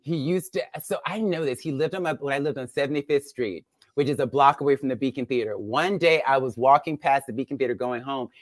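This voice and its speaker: A woman in her fifties, a guest joining by video call, telling stories in a lively, laughing, expressive way. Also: extremely low pitch, fast talker, hardly any pauses. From United States. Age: 50s. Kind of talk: casual chat.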